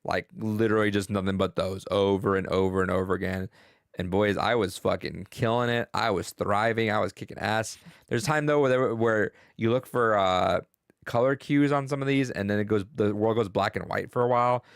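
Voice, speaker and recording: A young man co-hosting a podcast, talking about a video game in a rambling, excitable, profane way. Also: on the low side, normal speed, clear, resonant tone, no room sound, clean studio sound. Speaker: podcast co-host. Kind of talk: casual gaming chat.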